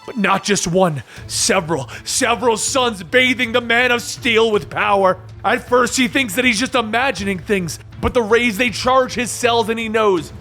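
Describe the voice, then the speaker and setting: A man with a fairly high, gravelly voice narrates a comic book story. His delivery is dramatic and rushing, and it builds to shouts, with faint music underneath.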